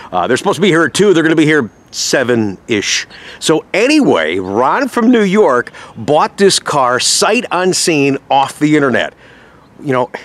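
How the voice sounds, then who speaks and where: A man's voice: medium pitch, a bit bright. A middle-aged man hosting a car sales vlog, chatting casually to viewers and acting out customers' lines as he tells stories. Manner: chatty storyteller, acts out callers' voices. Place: outdoors at a dealership lot.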